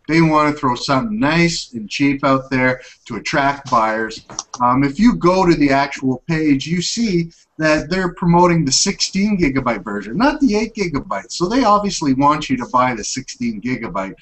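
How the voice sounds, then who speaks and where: A man's voice: a little high, animated, normal speed, fairly bright tone, poor audio. Chatty upbeat man hosting a tech show. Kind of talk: casual tech podcast chat.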